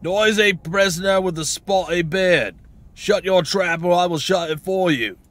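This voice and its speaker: A man voicing a gruff, scornful male jail guard in a game, with a put-on accent. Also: high-pitched, a little slow, fairly bright tone, no echo, voice pushed up. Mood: mocking.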